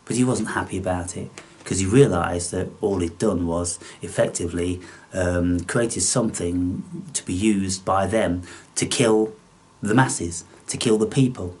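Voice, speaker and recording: A man's voice: sits low, measured pace, a little mellow. A man delivering an angry, contemptuous, profane monologue as the host of his own channel.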